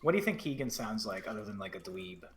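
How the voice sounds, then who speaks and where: A woman's voice: rumbling low, big pitch swings, fast talker, heavy background noise. A woman co-playing a game, joking in a sardonic, self-deprecating way and swearing freely. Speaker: co-player and guest. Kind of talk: casual chat while playing a game.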